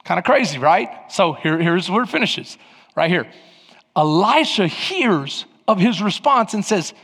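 Husky, high-voiced preacher in a reverberant hall. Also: male voice, a little slow. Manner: animated, conversational preaching that builds to loud passages. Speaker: pastor. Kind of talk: sermon. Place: church sanctuary. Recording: long reverb in a large hall.

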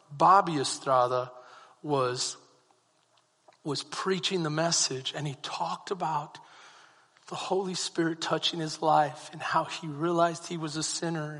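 A male pastor with a high, sharp voice and a husky edge delivers a sermon built on personal storytelling. He drops to hushed tones and then rises to fervent shouts. His voice rings with long reverb through a church hall.

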